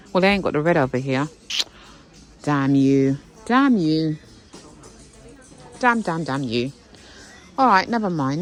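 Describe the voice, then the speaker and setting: Browsing an indoor shop, a talkative vlogger exclaims to her audience about what she comes across in a relaxed shopping vlog. Her pitch is fairly low, and the recording is rough.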